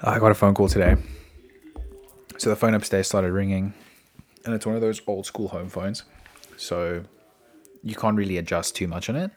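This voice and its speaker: Low-voiced man rambling casually. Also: fairly even intonation, a little fast, a little mellow, faint music behind. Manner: rambling, chatty, with frequent "you know" and restarts. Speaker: podcast host. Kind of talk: casual solo monologue. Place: indoors at home.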